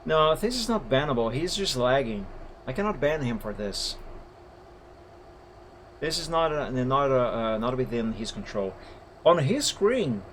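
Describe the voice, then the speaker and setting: A man's voice: medium pitch, big pitch swings, unhurried, long pauses, a bit bright, a little hiss or hum. A man streaming live who moderates a game server and methodically explains recorded gameplay footage step by step. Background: faint background music.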